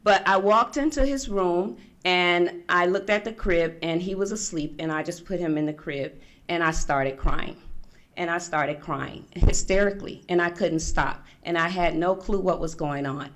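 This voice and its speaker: A woman's voice: fairly low pitch, moderate pace. A middle-aged woman speaking at a forum, telling a personal story to an audience and acting out the voices of the people in it. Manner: animated storyteller acting out past conversations. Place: conference room.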